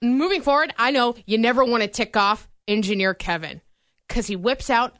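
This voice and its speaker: A young adult woman co-hosting a radio show, telling stories in a casual, animated way and laughing often. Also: on the high side, moderate pace, dry recording, clean studio sound. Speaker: radio co-host.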